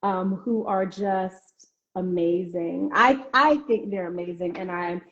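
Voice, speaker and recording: A woman author chatting casually in an interview, full of ums and restarts. She often acts out other people's reactions in a high, excited voice. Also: slow. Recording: echoey, dull lo-fi call audio.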